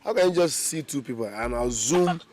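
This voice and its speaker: An actor with a Nigerian accent playing a calm, dismissive young village man. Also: mid-range voice, moderate pace, a loud crowd, natural voice. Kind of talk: film acting. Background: music.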